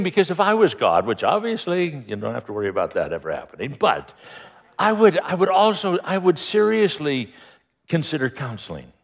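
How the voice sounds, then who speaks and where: A male preacher retelling a Bible story in an animated, playful storytelling sermon. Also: a little high, normal speed.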